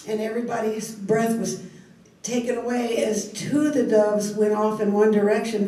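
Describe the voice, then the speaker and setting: A woman, giving a heartfelt personal testimony to a church group, speaking haltingly with restarts. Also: on the high side, dark tone. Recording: echoey hall, heard from a distance.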